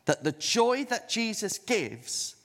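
A preacher with a lively, swooping voice, delivering a sermon slowly and deliberately. He stretches key words for emphasis and invites his listeners to say phrases back, while long reverb from the church hall trails behind each line. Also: high-pitched. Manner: expressive, drawn-out emphasis, audience call-and-response.

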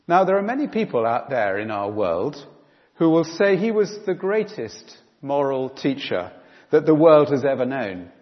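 A man preaching a sermon in church, emphatic and animated, with frequent fillers. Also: medium pitch, moderate pace. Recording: dull sound in a reverberant hall.

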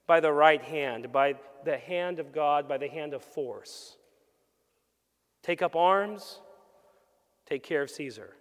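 High-voiced man preaching in a reverberant hall. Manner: earnest preaching, rhetorical questions, acts out quoted voices. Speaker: pastor. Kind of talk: sermon. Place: church sanctuary.

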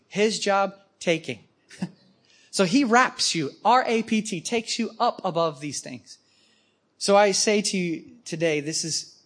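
A man preaching to a live audience, telling stories with animated emphasis. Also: sits high. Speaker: guest preacher. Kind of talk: storytelling sermon.

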